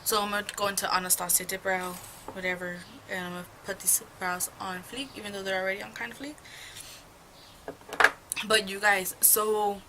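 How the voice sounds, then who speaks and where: A young woman beauty vlogger does her makeup at home while chatting casually in a get-ready-with-me storytime, telling a rambling, profane, gossip-filled story. Her medium-pitched voice has fairly even intonation and normal speed, over a noisy background.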